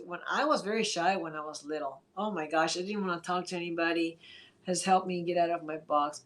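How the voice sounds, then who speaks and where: A woman hosting a casual livestream, chatting in an encouraging way and reading viewer comments aloud. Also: lowish voice. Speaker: livestream host.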